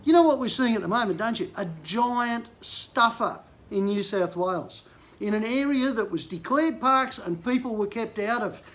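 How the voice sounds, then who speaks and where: A man's voice: high voice, moderate pace, fairly bright tone. An older man from Queensland with an Australian accent, a bush mechanic venting frustration in a blunt political rant to camera. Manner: frustrated, blunt, rising to angry outbursts.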